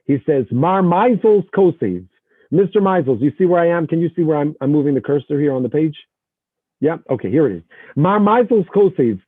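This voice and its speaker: A man's voice: a little high, expressive, fairly quick, slightly rough, no room sound. A man teaching an online text-study lesson over a video call, reading passages aloud and translating them line by line. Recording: dry, narrow phone-like video call audio.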